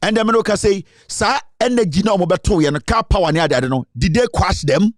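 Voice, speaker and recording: A man's voice: high voice, lively intonation, brisk, no room sound, studio quality. A Ghanaian man giving emphatic political commentary, mixing languages and reading out quotes. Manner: emphatic, code-switching, reads out quotes.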